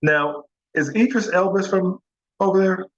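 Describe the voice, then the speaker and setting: A man's voice: sits high, measured pace, muffled recording. An American man hosting a casual video-call interview, curious and easygoing, often repeating words as he starts a sentence. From United States. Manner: curious, easygoing, stammers on restarts. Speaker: interview host.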